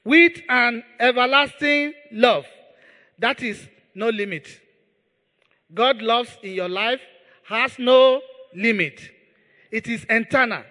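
A male pastor delivers a sermon in a very high, bright voice and takes his time over each phrase. He stresses and repeats key words. His voice rings with long reverb through the hall. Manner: emphatic, repeats key words, leads the congregation in prayer.

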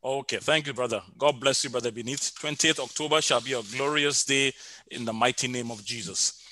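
A man's voice: mid-range voice, fairly quick, bright, forceful tone, dry recording. A middle-aged man preaching a sermon over an online call, telling a story with many fillers and repeated phrases.

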